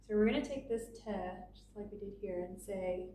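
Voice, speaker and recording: A woman teaching a grammar lesson, explaining slowly and patiently and spelling out each example. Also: medium pitch, dark tone, a little hiss or hum. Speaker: language teacher. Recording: echoey room from a distance.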